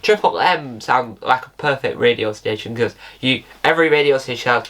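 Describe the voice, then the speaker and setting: A man's voice: medium pitch, moderate pace, few pauses, a bit bright. A British man hosting his own channel with casual solo commentary, rambling and correcting himself, spelling words out. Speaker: channel host.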